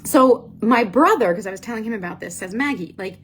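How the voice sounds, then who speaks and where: A woman telling a casual story as a host, animated and self-mocking, with frequent fillers. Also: on the high side, fairly quick, slightly rough. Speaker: Pilates instructor and podcast host.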